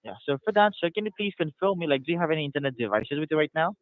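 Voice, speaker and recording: Rapid, scripted call agent, male, heard over a tinny phone line. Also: on the high side, very animated, dry recording. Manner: scripted, repetitive call-center patter.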